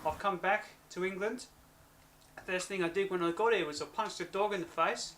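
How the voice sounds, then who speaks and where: A man's voice: high-pitched, a little fast, a bit bright, slight background noise. A man playing an unhinged Englishman who fakes an Australian accent and brags in rambling boasts, in an improvised mockumentary comedy. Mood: boastful. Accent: put-on Australian. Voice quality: blustering, rambling boasts with fillers.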